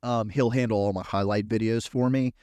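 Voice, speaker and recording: Low-voiced man telling animated stories. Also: a little fast, clear, resonant tone, no echo. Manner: animated anecdote-telling, acting out quoted exchanges. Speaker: podcast host and wedding videographer. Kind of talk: casual conversational storytelling.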